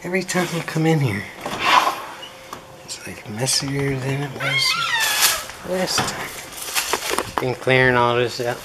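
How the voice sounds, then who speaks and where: A man's voice: medium pitch, wildly swooping pitch, takes it slowly, long pauses. A man, a pool instructor, talking in a casual, rambling vlog with wry, self-mocking asides. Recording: air-conditioner hum behind.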